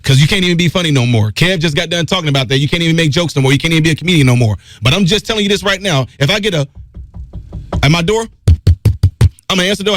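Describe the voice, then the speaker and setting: Man, middle-aged, talk radio host, emphatic monologue, slightly high voice, dry sound. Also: lively intonation, fast, no room sound. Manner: emphatic, repetitive, swings low and loud for stress. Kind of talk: opinion monologue.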